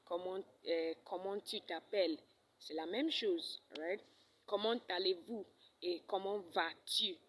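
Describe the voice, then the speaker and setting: A woman's voice: on the low side, unhurried, slight background noise, rough recording. A woman teaching a French lesson in English, repeating each phrase and checking in with "all right?". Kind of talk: recorded language lesson.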